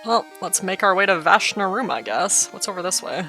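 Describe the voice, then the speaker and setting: A woman's voice: mid-range voice, very animated, fairly quick, bright, forceful tone, faint music behind. A woman casually commenting as she plays a video game, joking and chatting in a playful way. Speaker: let's play host.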